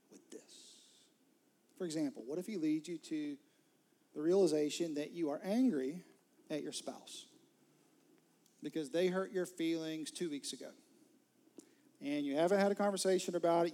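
A man's voice: on the high side, dark tone, slight background noise. A man preaching a sermon as pastor, earnest, repeating words and sometimes dropping to a near whisper.

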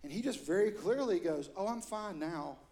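A middle-aged man preaching a storytelling sermon in a church, animated and acting out quotes with sudden loud high bursts. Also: moderate pace, a little hiss or hum. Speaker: pastor.

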